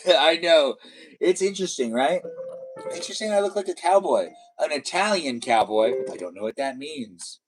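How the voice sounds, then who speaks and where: A man hosting a live stream, chatting casually with viewers in a silly, teasing way. He jokes around as he answers their comments. Faint music plays in the background. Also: a little high.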